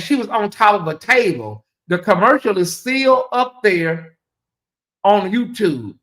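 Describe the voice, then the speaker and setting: Sassy high-voiced man. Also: measured pace. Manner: sassy and animated, mimics voices. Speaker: host. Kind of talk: casual livestream commentary.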